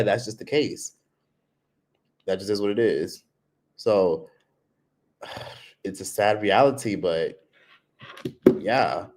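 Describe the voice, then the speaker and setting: A man livestreams from his laptop as a vlogger, talking in a casual, rambling, chatty way. He says "like" constantly and imitates other people using high-pitched voices.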